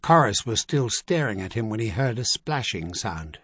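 A man reading an adventure novel aloud as narrator, measured and vivid. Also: fairly low pitch, sing-song, fairly bright tone, husky, no room sound, studio quality. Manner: measured, vivid storytelling with acted dialogue. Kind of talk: scripted audiobook narration.

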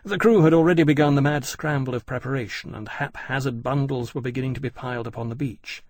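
Guy narrating an audiobook, steady and measured, kinda husky, dry sound. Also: medium pitch, dry recording. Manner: even, measured reading. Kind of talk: scripted narration.

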